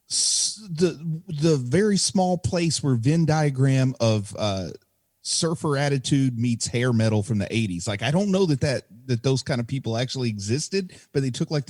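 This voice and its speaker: Male podcast co-host, lively storyteller, dry close mic, mid-pitched. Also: no echo. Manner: animated storytelling, acts out quoted dialogue. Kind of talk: casual chat.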